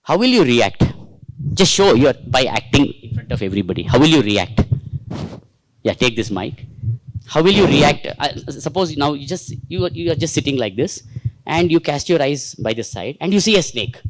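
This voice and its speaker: A man with an Indian accent leading a teachers' workshop, talking in an animated, coaxing way and drawing in the participants, into a handheld mic. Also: mid-range voice, normal speed, no room sound, low-quality recording. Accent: Indian English. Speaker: teacher trainer. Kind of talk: workshop lecture. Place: training workshop room.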